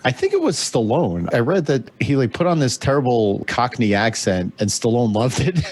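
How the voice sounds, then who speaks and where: A man's voice: medium pitch, big pitch swings, moderate pace, darkish tone. A man co-hosting a casual film podcast, chatty and amused as he shares film trivia. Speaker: podcast co-host.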